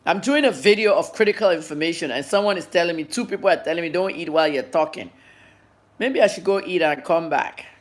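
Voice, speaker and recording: A woman's voice: lowish voice, fast. A journalist in her fifties giving a livestreamed news update, blunt and scolding her viewers while she eats and talks. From Nigeria. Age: 50s.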